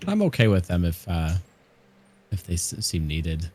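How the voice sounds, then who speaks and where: A man playing a character in a tabletop game, speaking gently and hesitantly with stammers. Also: low-pitched, very animated, moderate pace, a little hiss or hum. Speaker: player.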